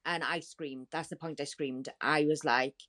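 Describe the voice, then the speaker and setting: Woman with a low voice telling a rough story, stops and restarts a lot, sounds shaken. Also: fairly even intonation, a bit bright. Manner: halting, distressed retelling with many restarts. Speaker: podcast guest. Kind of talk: emotional storytelling.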